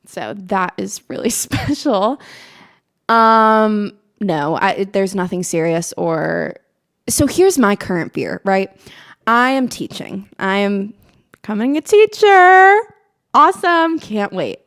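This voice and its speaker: A woman's voice: mid-range voice, slow, gravelly. A woman in her twenties, a college student from Maryland, talking to the camera in a casual, self-mocking chat with a slight put-on Southern twang and frequent laughs. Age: 20s. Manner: chatty and animated, self-mocking, laughs often. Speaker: vlogger. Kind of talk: casual stream-of-consciousness chat.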